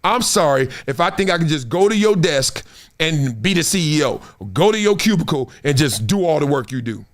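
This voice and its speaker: A man in his forties hosting a casual sports talk stream, animated and trash-talking, slipping into put-on fan voices. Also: fairly high pitch, fairly quick. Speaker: show host.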